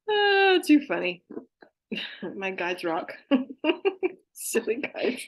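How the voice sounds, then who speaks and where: A woman talking casually as a spiritual channeler, gushing about her guides and breaking into laughter again and again. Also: mid-range voice. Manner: giggly, keeps breaking into laughter; affectionate, gushing. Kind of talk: casual chat, relaying messages from spirit guides.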